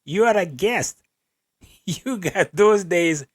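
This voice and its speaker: A man's voice: high voice, lively intonation, slow. A man hosting an athletics podcast, giving wry, opinionated commentary and laughing between remarks. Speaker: podcast host.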